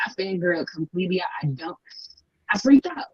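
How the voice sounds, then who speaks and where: Excitable woman guest on lo-fi audio. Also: fairly low pitch, quick pace, breathy edge. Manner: excitable, breathless run-on storytelling. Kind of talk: casual storytelling chat. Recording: dull lo-fi audio.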